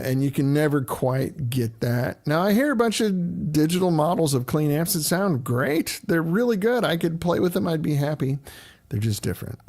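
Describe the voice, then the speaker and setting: A man's voice: fairly high pitch, a little mellow. A middle-aged man hosting a casual livestream, chatting loosely and greeting viewers by name as he answers their questions.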